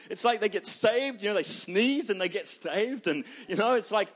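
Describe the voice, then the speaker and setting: Kiwi pastor guy preaching, slightly high voice, acts out the characters, goes loud then really quiet. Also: normal speed. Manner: storytelling, acting out people's voices, swinging from loud to hushed. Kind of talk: sermon.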